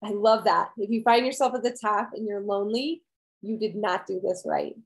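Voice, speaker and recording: A woman's voice: mid-range voice, normal speed, low-quality recording. A woman wellness coach giving an earnest, encouraging motivational talk to her viewers, repeating key phrases and often asking "right?".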